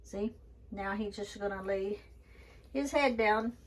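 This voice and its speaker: A woman vlogging casually from the floor of her home, talking slowly and fondly to her dogs. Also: mid-range voice. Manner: slow, unhurried, talks fondly to her dogs. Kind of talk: casual home vlog chat. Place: indoors at home, sitting on the floor. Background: dogs barking.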